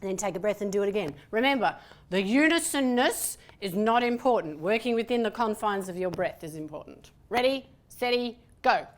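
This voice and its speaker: Lively woman leading voice exercises. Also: medium pitch. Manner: lively, playful instructor counting slowly. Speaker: voice workshop presenter. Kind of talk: guided breathing and voice exercise. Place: room with a participating group.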